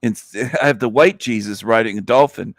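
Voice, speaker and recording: A man's voice: on the low side, moderate pace, dry recording, studio quality. Profane, scornful man ranting. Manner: blunt and profane, with scornful laughs. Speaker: livestream host. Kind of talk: angry rant.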